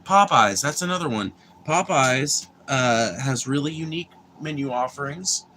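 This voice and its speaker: This young livestreamer chats with viewers at normal speed in a bright, forceful, medium-pitched voice with lively intonation, over a slight hiss or hum. He meanders, swears freely, drops filler words and often starts sentences over.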